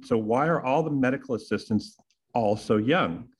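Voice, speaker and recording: A man's voice: medium pitch, normal speed, music in the background. A man, hosting a podcast and delivering a sarcastic, punchy opinion monologue full of rhetorical questions. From Texas. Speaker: podcast host.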